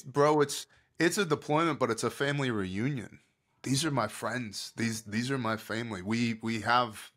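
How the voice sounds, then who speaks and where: American guy on a podcast telling relief-work stories, gets loud then quiet, acts out everybody. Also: on the low side. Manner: animated storyteller, acts out quotes, swings from loud to hushed. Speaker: podcast guest, disaster relief leader. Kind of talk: casual storytelling chat.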